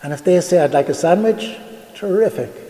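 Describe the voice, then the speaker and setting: A man's voice: high-pitched, expressive, moderate pace, dark tone. A man giving an earnest public talk, telling stories and asking rhetorical questions. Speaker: homeless charity director giving a talk. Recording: echoey hall with long reverb.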